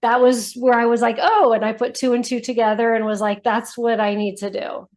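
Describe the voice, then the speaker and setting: A woman guest on a podcast, telling her story in a casual, animated way, with lots of "like" and "you know". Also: on the high side, a little fast. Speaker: guest, brand founder.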